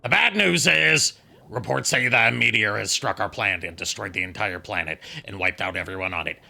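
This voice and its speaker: A man voicing a gleeful alien villain, theatrical and mock-cheerful, shouting in a raised voice. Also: on the low side, a little fast, gravelly, heavily acted.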